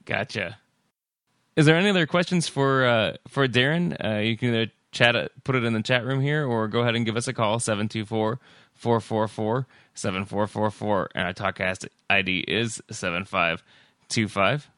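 Bright-voiced American podcast host. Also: male voice, fairly low pitch, normal speed, no room sound. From United States. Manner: relaxed, hesitant with fillers. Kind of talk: casual chat and show outro.

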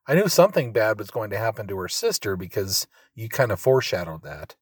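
A man reading out a question to an author, plain and measured. The recording is dry and close, with no room sound. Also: lowish voice, big pitch swings, slightly rough, no echo.

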